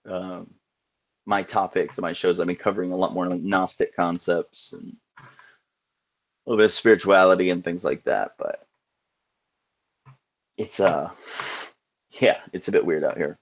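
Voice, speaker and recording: A man's voice: low voice, fairly even intonation, normal speed, pauses often. A man hosting a casual live call-in show, talking in an earnest, musing way with many restarts.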